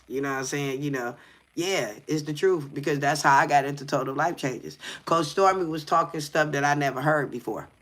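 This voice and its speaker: Guy ranting on a livestream, kinda high bright voice, keeps going "you hear me". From Detroit. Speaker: content creator. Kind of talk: casual livestream commentary.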